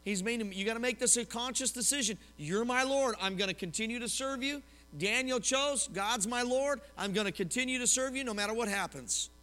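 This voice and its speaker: A man, preaching a lively sermon as a pastor, telling personal stories and asking the congregation questions. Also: very high-pitched, brisk. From Oklahoma, US. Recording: long hall reverb.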